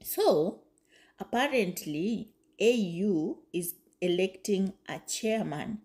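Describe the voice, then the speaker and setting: Slow, mellow woman in emphatic commentary. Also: fairly low pitch. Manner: emphatic, repeats herself, exclamations. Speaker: video commentator. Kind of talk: casual commentary to camera.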